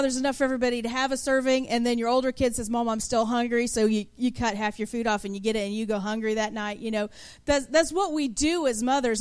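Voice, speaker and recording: Woman in her 30s, high voice, casual storytelling sermon style. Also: clean tone. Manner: conversational, acts out kids and mothers in asides. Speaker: preacher.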